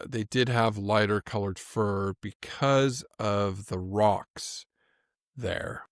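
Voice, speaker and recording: A man with a low voice hosts a casual chat about animals. He is talkative and laughs easily, often circling back and restarting mid-sentence. His voice sounds dry and close, with no room echo. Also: takes it slowly. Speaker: podcast co-host.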